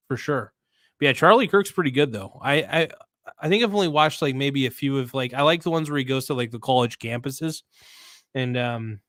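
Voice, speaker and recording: Blunt and loose, a man hosting a casual livestream swears and uses slang, reads viewer comments aloud, and restarts sentences as he rambles. His pitch is mid-range for a man, a bit bright, and the room sounds dry and close with no room sound.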